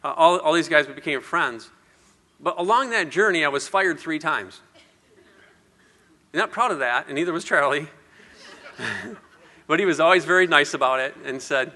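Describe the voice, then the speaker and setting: A man's voice: a little high, lively intonation, normal speed, long pauses, sharp tone, in a large hall. A man in his fifties giving a personal, self-deprecating speech to an audience, rambling and laughing often. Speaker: speaker at an industry event.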